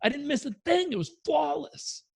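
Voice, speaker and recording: A man voicing a frustrated martial arts student who protests in a high, exasperated voice. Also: expressive, normal speed, gravelly, exaggerated voice. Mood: indignant.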